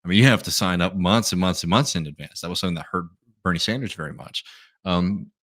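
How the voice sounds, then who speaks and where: A man hosting a live stream, reading out viewer messages and answering them in a relaxed, thinking-aloud way with many fillers. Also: low voice, fast. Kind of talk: casual live Q&A commentary.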